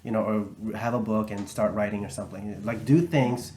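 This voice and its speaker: A man's voice: lowish voice, fairly even intonation, moderate pace, darkish tone. A man hosting a podcast, chatting casually and agreeing, thinking aloud with fillers.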